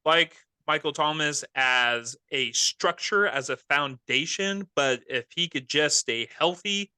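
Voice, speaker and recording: A man's voice: a little high, slow pace, pushed and bright, clear, resonant tone, dry recording. A man co-hosting a fantasy football podcast in casual, rambling chat that often corrects itself mid-sentence. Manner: loose, rambling, self-correcting. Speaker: podcast co-host.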